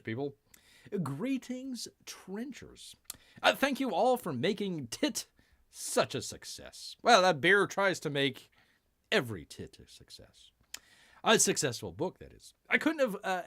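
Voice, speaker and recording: A man hosting a live-stream news chat, rambling and speaking of himself in the third person, with drawn-out sighs and mumbled asides. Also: medium pitch, a bit bright. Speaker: show host.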